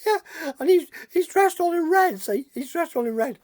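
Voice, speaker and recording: A woman rambles through village gossip as a comic monologue, chuckling at her own stories. Her pitch swings widely and lively. The sound is close and dry. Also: normal speed, dry recording. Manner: rambling, with restarts and repeated phrases. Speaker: village news storyteller.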